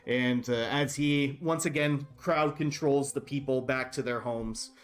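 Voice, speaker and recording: A man's voice: medium pitch, unhurried. Man narrating a tabletop game. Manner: rambling with many fillers. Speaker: dungeon master.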